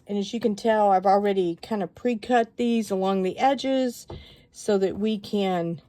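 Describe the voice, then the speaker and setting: A woman calmly walking viewers through a stamping craft project step by step, chatty and given to rambling asides. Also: medium pitch, a little slow.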